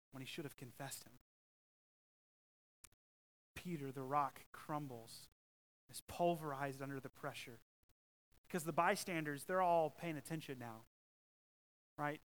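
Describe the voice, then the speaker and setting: A man preaching a sermon as pastor, emphatic and swinging from loud, stressed lines to hushed ones. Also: on the high side, poor audio.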